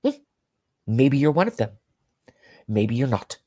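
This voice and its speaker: A man's voice: medium pitch, very animated, measured pace, warm tone, voice pushed up. A man doing a sneering, patronizing woman news host. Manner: mocking, patronizing questioning. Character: condescending female cable news host, sneering.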